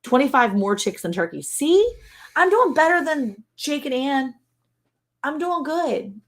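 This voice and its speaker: A woman co-hosting a casual ranch livestream, chatty and quick to laugh, slipping into voices to mimic people. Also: sits high, very animated. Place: home on a farm.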